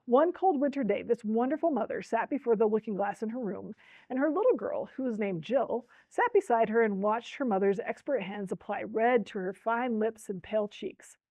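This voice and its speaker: An expressive woman reading a storybook aloud at a library talk and turning to her audience to pull them into the tale. Her voice sits somewhat high. The recording is dry and slightly dull. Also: moderate pace, no echo. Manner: expressive storyteller who speaks to listeners directly. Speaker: book talk presenter.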